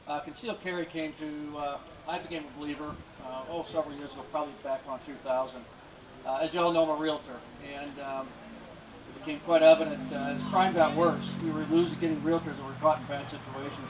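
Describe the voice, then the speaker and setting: A man's voice: a little high, noisy background. Male candidate, earnest stump speech, distant dull outdoor recording. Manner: earnest, plain-spoken, many fillers. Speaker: state senate candidate. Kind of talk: outdoor campaign rally speech. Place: outdoors at a rally.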